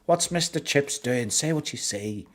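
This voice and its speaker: A man doing a deliberately poor Irish-accent impression of a cheery game-show host, coaxing contestants in an exaggerated sing-song. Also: mid-range voice, lively intonation. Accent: put-on Irish, done badly.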